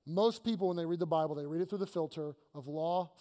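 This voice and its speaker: A pastor preaching an emphatic, energetic sermon to his congregation, repeating phrases for emphasis. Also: on the high side, quick pace, few pauses. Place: church sanctuary. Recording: long reverb of a church hall.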